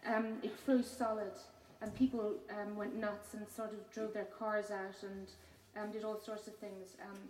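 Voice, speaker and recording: A woman, a poet giving a measured reading of her own poems with hesitant spoken asides between them. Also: mid-range voice, flat delivery, darkish tone. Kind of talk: poetry reading. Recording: roomy hall from far off.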